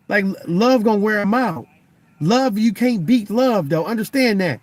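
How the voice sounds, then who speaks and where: Young guy w a high voice casually preaching to the camera, stammers a lot, keeps repeating himself. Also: lively intonation, moderate pace, no room sound. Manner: stammers and repeats words while pressing a point; loose, conversational, keeps asking "you know what I'm saying". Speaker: Christian vlogger.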